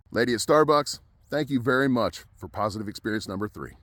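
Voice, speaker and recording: A man's voice: fairly high pitch, fast talker, hardly any pauses, a bit bright, dry recording. A middle-aged man from Ohio, a welding instructor, telling a personal story in a folksy, conversational way.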